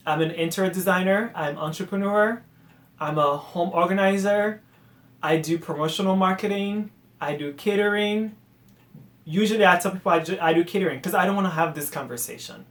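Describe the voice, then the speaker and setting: Exasperated high-voiced man. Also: reverberant. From Haiti. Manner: animated and exasperated, fading to muttered asides. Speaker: podcast host. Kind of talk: casual solo rant.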